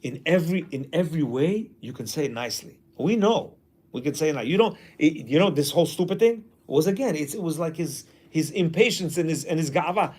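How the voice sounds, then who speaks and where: A man's voice: a little high, animated, brisk. A man teaching a class in a casual way, reading a passage aloud and then commenting, often acting out quoted lines.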